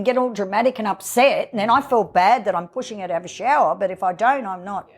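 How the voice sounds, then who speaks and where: A woman, a guest in her own home, telling a personal story in an emotional, halting way with many fillers. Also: mid-range voice, lively intonation, slightly rough. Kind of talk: candid personal interview.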